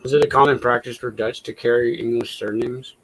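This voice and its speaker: A man's voice: mid-range voice, fairly even intonation, a little fast, background noise. A man from the American South with a Southern accent, chatting in a laid-back way and swearing often. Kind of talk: casual chat.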